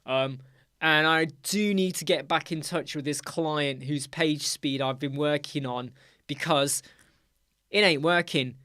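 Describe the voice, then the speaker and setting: A middle-aged British man hosts a relaxed live chat, chatty and teasing as he calls out viewers by name. His voice sits a little high for a man. The sound is close and dry, with no room around it. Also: a little slow, dry recording. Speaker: livestream host.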